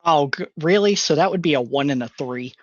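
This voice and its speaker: A man's voice: a little high, expressive, a little fast, dull audio, slight background noise. A man guesting on a casual podcast, exasperated and self-mocking.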